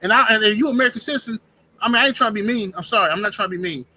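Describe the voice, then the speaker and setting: A man hosting a live-streamed talk show, speaking in an animated, emphatic way, often restarting sentences. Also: sits high, racing, a little hiss or hum, low-quality recording. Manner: animated, emphatic, repeats words and restarts, says "bro" and "fam". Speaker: podcast host. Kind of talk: casual opinionated live-stream chat.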